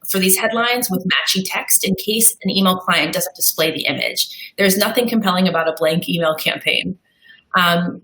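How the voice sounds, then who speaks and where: A woman's voice: mid-range voice, fairly bright tone, echoey room, poor audio. A woman on a live marketing webinar, walking through slide examples in an upbeat way with a few fillers. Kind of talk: presenting tips on a live webinar.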